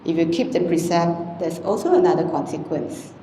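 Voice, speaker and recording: A Buddhist nun, giving an informal, conversational dhamma talk to a congregation, often adding "you know" and "ah". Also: female voice, on the low side, expressive, normal speed, a little hiss or hum. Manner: conversational and gentle, frequent "you know" and "ah" tags. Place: temple hall. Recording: echoey hall with long reverb, faint ambience.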